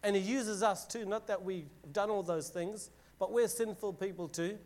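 A man's voice: high voice, steady tone, normal speed, darkish tone. A man giving a casual Bible teaching to a group, reading scripture dramatically and explaining it in plain words with fillers. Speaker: youth preacher.

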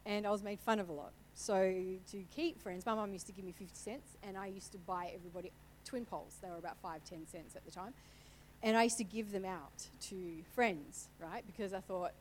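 A woman's voice: lowish voice, normal speed, slight background noise, low-quality recording. A middle-aged woman speaking candidly and conversationally from a church stage, sharing a personal testimony. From Italian family background. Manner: candid, conversational, emotional at times.

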